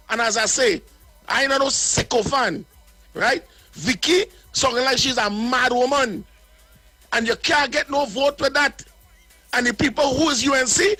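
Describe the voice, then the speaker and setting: High-voiced Trinidadian man ranting. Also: unhurried, sharp tone, no room sound, soft background music. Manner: blunt and indignant, repeats words. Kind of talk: political commentary.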